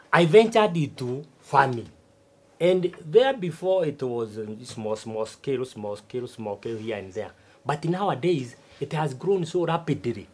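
A stubborn old farmer, swooping lively voice, self-important asides. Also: male voice, mid-range voice. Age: older. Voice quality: animated, drawn-out rhetorical asides. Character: older retired farmer, stubborn and boastful. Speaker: substitute teacher. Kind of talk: TV sitcom acting.

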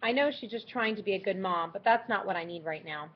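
A woman's voice: mid-range voice, lively intonation, quick pace. A woman narrating a first-person audiobook in a dry, sardonic teenage voice. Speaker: audiobook reader. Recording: dull lo-fi audiobook recording.

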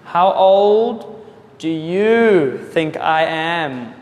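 A man with a fairly high voice teaches English, answering viewer questions at a very slow, careful pace. He repeats and corrects words for his learners. The echoey room adds a long reverb behind him. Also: expressive, a little hiss or hum. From South Africa.

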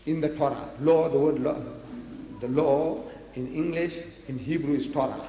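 A man's voice: fairly high pitch, normal speed. South African man lecturing in an echoey hall. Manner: animated, rhetorical questions to the audience. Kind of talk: public lecture. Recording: echoey hall with faint noise, archive lecture.

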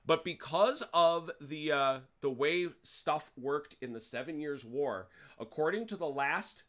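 Man, fairly high voice, hosts a wargame and explains the rules casually with dry jokes. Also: measured pace, fairly bright tone. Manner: chatty, self-correcting, wry jokes.

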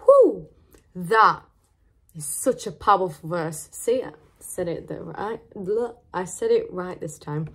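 A young adult woman from Serbia, giving a devotional talk to her church in an expressive, animated storytelling manner. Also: on the low side, unhurried, husky. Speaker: church team member and college student.

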